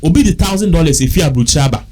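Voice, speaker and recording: A man's voice: on the high side, animated, very fast, warm tone, faint music behind. A man with a Ghanaian accent, talking casually and repetitively, working through figures aloud. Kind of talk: casual talk mixing English and Twi.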